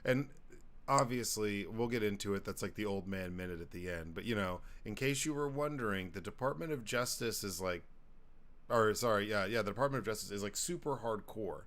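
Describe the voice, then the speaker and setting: A man's voice: fairly low pitch, a little fast, fairly bright tone. A young man co-hosting a casual podcast, rambling and swearing, pressing to finish his point. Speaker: podcast co-host.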